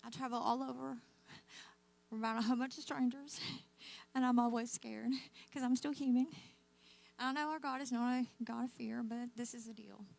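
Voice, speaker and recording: A woman's voice: on the high side, steady tone, moderate pace, creaky, long pauses, darkish tone, rough recording. A woman giving an earnest testimony to a church as a guest speaker, telling stories and calling the crowd y'all.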